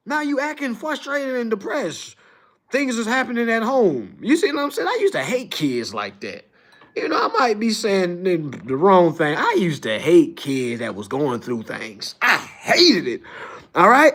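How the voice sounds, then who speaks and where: A young man hosting a livestream, ranting casually to his audience in slangy, profane talk, swinging from loud outbursts to low asides. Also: very animated, normal speed. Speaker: livestream host.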